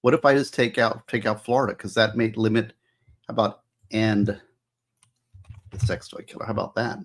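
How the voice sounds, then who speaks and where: A man's voice: lowish voice, fairly even intonation, normal speed. A man hosting a casual livestream as an author, musing aloud and asking viewers for their opinions.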